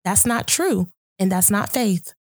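An earnest woman hosts a podcast, speaking reflectively about faith with frequent warm laughter. Her pitch sits in an ordinary middle range. The sound is close and dry, with no room behind her voice. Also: expressive, measured pace, no room sound. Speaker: podcast host. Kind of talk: casual conversation about faith.

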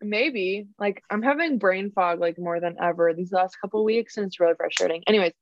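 A young woman co-hosting a podcast in casual chat, talking with many fillers and pausing to search for words. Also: mid-range voice, muffled recording, slight background noise. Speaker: podcast co-host.

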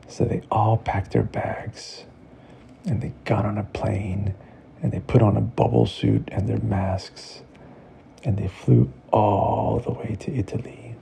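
A male bedtime storyteller with a low, very dark and mellow voice, full of gravelly fry. He narrates slowly and soothingly, slipping between English and Spanish. A faint noise hums in the background. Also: fairly even intonation. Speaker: storyteller host.

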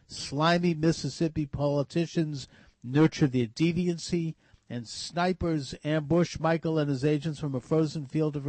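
Radio host guy, kinda husky, bit high, dry close sound, music under it. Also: no echo. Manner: reads aloud, halting with fillers. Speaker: radio talk show host. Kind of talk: talk radio interview.

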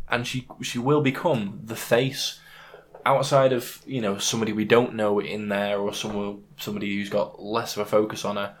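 A man co-hosting a podcast, talking casually about fights and making emphatic points with examples. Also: fairly low pitch. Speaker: podcast co-host. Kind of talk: casual MMA chat.

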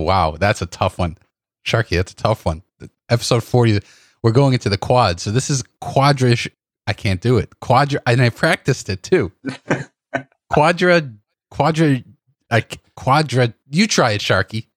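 A man's voice: medium pitch, measured pace, no echo, studio quality. A man hosting a photography podcast, chatting casually, laughing and tripping over his words. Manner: stumbling, laughing, self-mocking. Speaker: podcast host.

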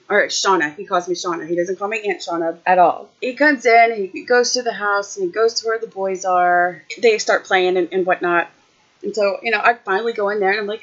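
A woman's voice: mid-range voice, moderate pace. Woman vlogger, mid-range voice, chatty storyteller, dull lo-fi recording. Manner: chatty, animated, jumps back and forth. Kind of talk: casual storytelling.

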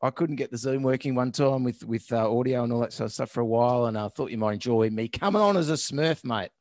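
An Australian vet co-hosting a casual podcast over a home video call, playful and deadpan, saying mate a lot. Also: male voice, medium pitch, fast, no room sound, studio quality.

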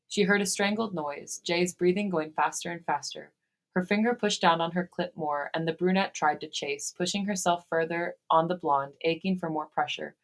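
A woman podcast host reading fan fiction aloud, steady in her reading and given to breaking into laughter. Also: on the low side, normal speed.

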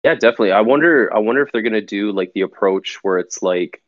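A man's voice: fairly low pitch, quick pace, dry recording, dull audio. A man co-hosting a casual gaming chat, talking loosely and eagerly with lots of "like". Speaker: podcast co-host.

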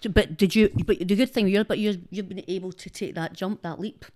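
A Glaswegian woman talking at a quick clip in a loose, sweary chat. She is self-mocking and keeps the talk rolling. Her pitch sits mid-range for a woman. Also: steady tone, a little mellow. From Scotland. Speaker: social media personality, podcast guest. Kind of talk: casual chat.

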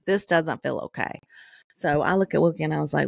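A middle-aged woman co-hosting a podcast, telling an animated story full of profanity in casual chat. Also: deep voice, fairly quick, vocal fry, dry recording, studio quality. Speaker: podcast co-host.

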